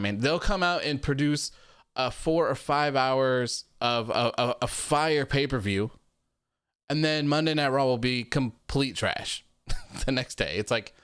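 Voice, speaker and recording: A man's voice: medium pitch, a bit bright, no echo, studio quality. A man hosting a casual post-show chat, reading viewer comments aloud in a loose, repetitive way with frequent laughs. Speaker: podcast host.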